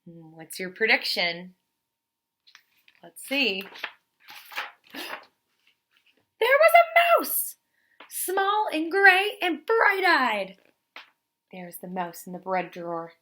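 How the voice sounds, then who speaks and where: A young woman teacher reading a picture book aloud to children, expressive and pausing to ask questions. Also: lowish voice. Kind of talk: children's story read-aloud.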